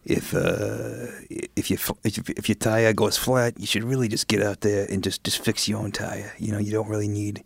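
Guy doing a low gravelly folksy blogger dude, rambling and halting, husky and dry. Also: flat delivery, dry recording. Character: dim, folksy male celebrity blogger giving pointless advice.

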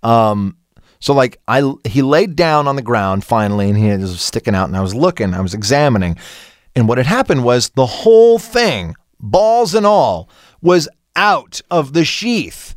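A man co-hosting a comedy podcast, telling a long rude anecdote in casual chat, animated and swearing freely. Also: medium pitch, unhurried, dry recording, studio quality. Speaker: podcast co-host.

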